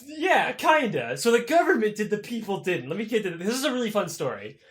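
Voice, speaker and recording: Animated young man telling a profane story. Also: sits high. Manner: animated, profane, acts out characters in quick voices. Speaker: podcast co-host. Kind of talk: casual storytelling chat.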